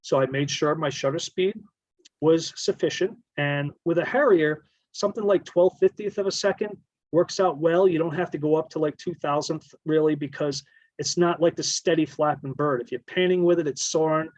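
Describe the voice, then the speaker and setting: A man's voice: on the high side, moderate pace, a little mellow, no echo, poor audio. A man giving a casual slideshow presentation on bird photography, explaining at length and often correcting himself mid-sentence. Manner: explanatory, rambling, self-correcting.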